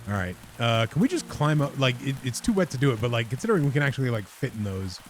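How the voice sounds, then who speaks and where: A man's voice: medium pitch, very animated, quick pace, faint music behind. Rambling man playing a game. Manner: rambling, self-mocking, laughs at himself. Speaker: game streamer. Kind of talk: casual let's-play commentary.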